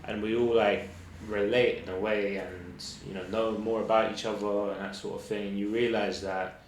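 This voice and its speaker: A young man speaks as a podcast guest, open and reflective, with hesitant fillers and slang. His voice sits fairly low. The room is echoey, with faint noise underneath. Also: flat delivery, moderate pace. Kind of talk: casual chat. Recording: roomy echo, faint background noise.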